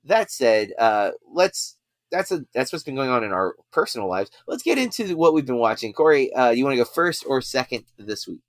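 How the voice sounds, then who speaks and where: Male podcast co-host, mid-pitched, rambling casual delivery, dry booth sound. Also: sing-song, moderate pace, dry recording. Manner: rambling, many fillers and restarts.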